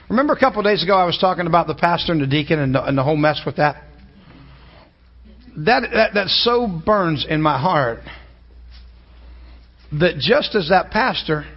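A man preaching a sermon as pastor, animated and emphatic, building to loud peaks. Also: fairly high pitch, slightly rough, highs cut off.

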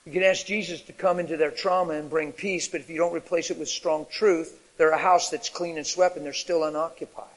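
A man preaching a sermon in an animated way, rising to shouts at his peaks. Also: a little high, brisk, hardly any pauses. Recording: long reverb of a large hall.

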